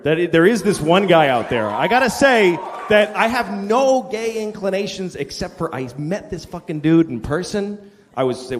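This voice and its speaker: A middle-aged male stand-up comedian ranting in a profane, exasperated way on stage before a live audience. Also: on the high side. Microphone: stage mic. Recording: live audience and room noise. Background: crowd laughter.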